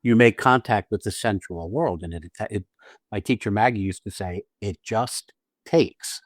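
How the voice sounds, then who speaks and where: A man's voice: lowish voice, normal speed, dry recording. A man co-hosting a podcast on acting, explaining technique in casual chat, blunt and profane, stressing points and restarting phrases. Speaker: podcast co-host and acting teacher.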